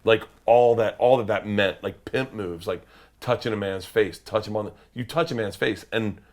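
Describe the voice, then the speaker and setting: A middle-aged comedian telling wild stories as a guest, swearing freely and acting out the other people's voices, sometimes shouting. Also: male voice, on the low side, normal speed. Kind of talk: animated storytelling.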